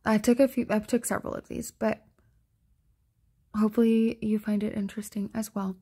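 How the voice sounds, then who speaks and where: A woman's voice: mid-range voice, flat delivery, a little fast, warm tone, breathy edge. A woman talking casually to her viewers as a spiritual vlogger, giggling often and trailing off mid-thought while walking through her pictures. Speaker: spiritual vlogger showing sky photos. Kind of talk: casual rambling commentary.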